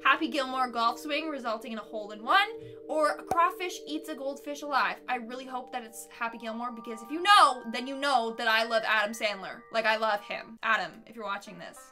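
A woman reacting in a casual vlog, expressive and giggly, squealing at what she sees, talking in her studio. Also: on the high side, brisk, soft background music. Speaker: YouTuber.

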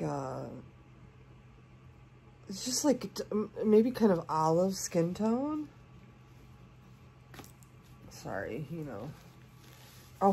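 A woman in her forties, sick, gushing over a doll in a casual unboxing vlog, with soft hushed asides. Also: lowish voice, vocal fry, slight background noise. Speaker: doll collector and channel host.

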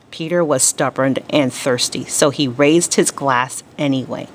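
A woman teacher reading a children's storybook aloud to her class, expressive and deliberate. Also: extremely low pitch, slight background noise.

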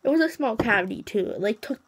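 A woman's voice: on the high side, animated, quick pace, background noise. A teenage girl vlogging casually after the dentist, her mouth still numb, rambling with lots of fillers and counting aloud. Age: teens. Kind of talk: casual vlog to camera.

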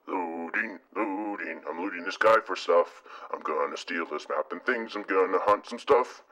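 A low, gruff hunter villain voiced by a man in a comedy skit, with a bright, edgy tone. He mutters his threats in a mumbling way. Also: normal speed. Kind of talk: comedy skit role-play.

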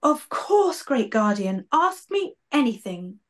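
A woman's voice: fairly high pitch, big pitch swings, takes it slowly, fairly bright tone, exaggerated voice. A woman voicing a small, scrawny male imp who is earnest and devoted, in a storybook reading. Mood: anxious devotion.

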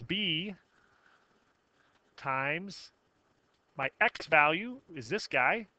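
A man teaching a math software tutorial, narrating each click step by step with casual self-corrections. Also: a little high, no echo. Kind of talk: screen-recorded software tutorial.

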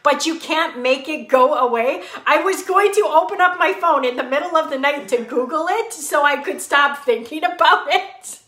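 A woman's voice: sits high, moderate pace, hardly any pauses, pushed and bright. A woman hosting a casual live fitness chat, greeting viewers by name and laughing often. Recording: echoey room.

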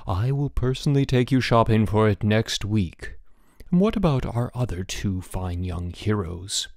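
A man's voice: lowish voice, animated, unhurried, a little mellow, no room sound, clean studio sound. A man voicing a cheerful, affable school headmaster. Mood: genial. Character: cheerful, genial older male headmaster.

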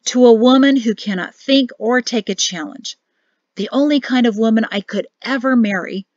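A woman's voice: a little high, moderate pace, darkish tone, no echo, lo-fi sound, lightly acted. A woman reading the part of an earnest, flustered young man declaring his feelings.

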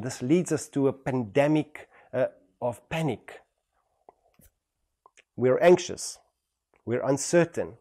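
A man's voice: mid-range voice, mellow. A man with a South African accent preaching a sermon as pastor, building emphatic rhetorical repetitions. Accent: South African English.

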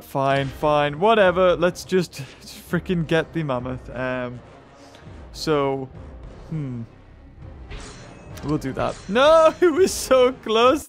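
Male gamer, high-pitched, excitable play-by-play, game music behind. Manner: excitable, thinking aloud, bursts of high-pitched shouts. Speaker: gaming YouTuber. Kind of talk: game commentary.

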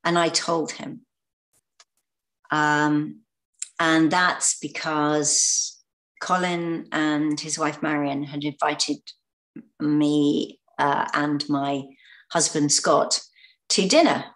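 An English actress recalling stories in an interview, hesitant, often repeating words and laughing. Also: female voice, low voice, steady tone, drawn-out words, long pauses, a bit bright. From Britain. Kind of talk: anecdotal interview talk.

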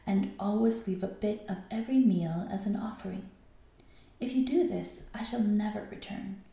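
A woman voicing a clever young female hyena in a storybook read-aloud, speaking in a hushed, solemn way. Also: mid-range voice, moderate pace, creaky, very echoey, lightly acted.

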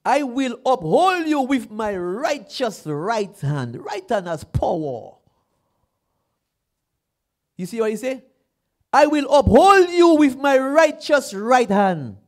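A man from Dominica, preaching a sermon, repeating his phrases and building to loud exclamations. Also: high voice.

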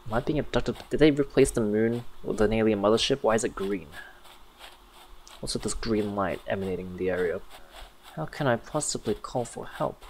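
Sarcastic guy narrating a horror game playthrough, lowish voice, faint noise. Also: brisk, darkish tone, poor audio. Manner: sarcastic, jokey asides. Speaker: gaming youtuber.

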